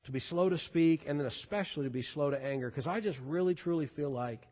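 A man's voice: fast, a little mellow. Earnest preaching man in a reverberant hall. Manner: earnest, building to fervent emphasis then dropping low. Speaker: pastor. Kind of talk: sermon.

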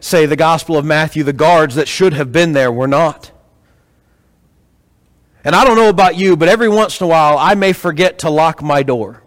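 A man preaching a sermon to a congregation, telling stories with rhetorical questions in an animated way. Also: fairly high pitch. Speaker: pastor. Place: church hall with congregation. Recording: echoey hall.

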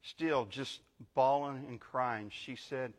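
A man's voice: medium pitch, steady tone, takes it slowly, long reverb tail. An older man giving a sermon as guest pastor, telling a story conversationally and building to emphatic preaching. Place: church sanctuary.

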